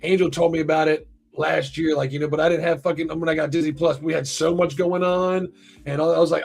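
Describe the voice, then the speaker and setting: A man hosting a casual podcast, talking in a profane, rambling, animated way. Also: fairly high pitch, fast, vocal fry, slightly rough, faint music behind. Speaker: podcast host. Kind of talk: casual chat.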